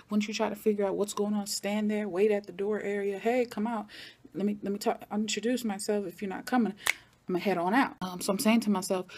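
Animated woman recapping a TV episode. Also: mid-range voice. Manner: animated, talks back at the characters. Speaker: TV recap vlogger.

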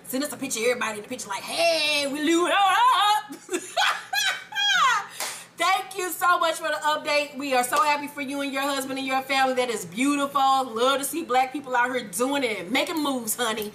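A woman co-hosting an advice chat show, reading a viewer's letter aloud and reacting with loud, profane excitement. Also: sits high, quick pace, few pauses, background noise. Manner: animated, profane, exclamatory.

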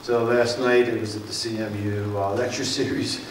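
A man's voice: lowish voice, flat delivery, normal speed, reverberant, far from the mic, a little hiss or hum, low-quality recording. Folksy Mid-Atlantic man giving a talk. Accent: Philadelphia / South Jersey. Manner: folksy and rambling, with many fillers and self-corrections. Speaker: water district speaker. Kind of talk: public talk to a community forum. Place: meeting room.

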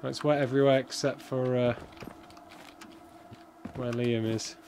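A man's voice: medium pitch, little pitch movement, unhurried, a little mellow, slight background noise. A man streaming a multiplayer game, bantering casually with friends and joking often. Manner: jokey, laughs often. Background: game music and gunfire.

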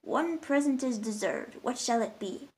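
Woman playing a towering old saint, stately, booming, kindly, storybook. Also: expressive, unhurried.

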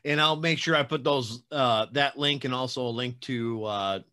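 A man hosting a podcast interview, speaking haltingly with many fillers. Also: mid-range voice, pushed and bright. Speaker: podcast host. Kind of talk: casual interview.

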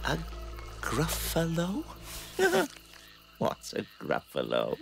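An actor voicing a sly, hungry snake in an animated storybook, smooth-talking and slipping into hisses. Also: medium pitch, slow, heavily acted. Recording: music bed under the voice.

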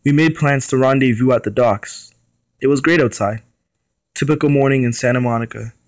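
A man's voice: mid-range voice, brisk, no echo. A young man steadily narrating a first-person short story he wrote for a school class. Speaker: student reader. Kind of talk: reading a short story aloud.

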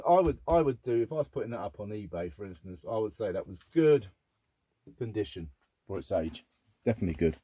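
Husky, mellow-voiced man chatting to camera. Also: on the low side, dry recording. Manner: chatty, rambling, thinks aloud, bursts into excitement. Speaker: record collector host. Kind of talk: casual unboxing chat.

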